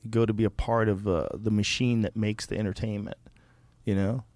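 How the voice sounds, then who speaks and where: A man's voice: on the low side, little pitch movement, fairly quick, darkish tone, no room sound. A man in casual podcast chat, rambling through questions as he thinks aloud.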